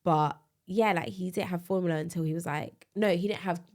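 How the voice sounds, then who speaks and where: A woman co-hosting a casual podcast chat. She sounds tired and a bit bunged up with a cold, and she talks in an animated way with frequent laughs. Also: on the low side, brisk. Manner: chatty, animated, laughs often. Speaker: podcast co-host.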